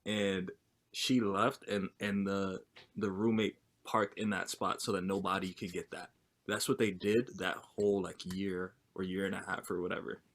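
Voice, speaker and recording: A young man on a podcast tells a story in a loose, rambling way, full of starts and fillers. His voice sits on the low side. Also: flat delivery, normal speed. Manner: rambling, lots of fillers and restarts. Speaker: podcast co-host. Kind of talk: casual chat.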